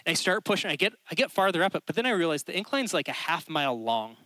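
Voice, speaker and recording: Male pastor, conversational sermon delivery, a bit high and bright. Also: sing-song, fast, dry recording, low-quality recording. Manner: conversational storytelling, keeps checking in with the crowd. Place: church.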